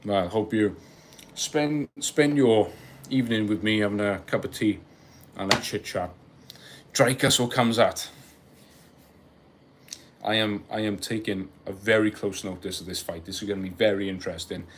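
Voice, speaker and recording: A man's voice: lowish voice, steady tone, moderate pace, slight background noise. A young Welsh man hosting a casual live stream, chatting and joking with viewers, laughing often and rambling through asides. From Wales. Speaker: livestream host. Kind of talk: casual live-stream chat reading comments.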